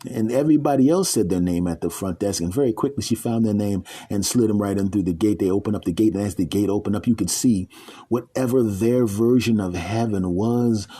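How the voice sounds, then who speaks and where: A middle-aged man with a low, dark, husky voice tells a comic story. He is animated and slips into character voices as he goes, in a relaxed, unhurried monologue. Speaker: comedic storyteller. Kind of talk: comedic monologue.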